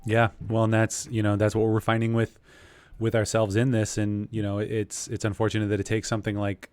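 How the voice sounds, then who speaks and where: A man's voice: lowish voice, completely flat delivery, fairly quick, darkish tone, clear, resonant tone. A man hosting a casual live chat, agreeable and talkative.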